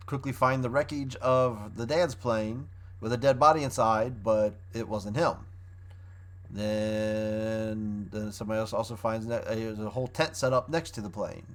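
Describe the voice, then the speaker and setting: A man's voice: medium pitch, fairly bright tone. A man reviewing a show in a casual, rambling way, often restarting his sentences as he recaps the plot.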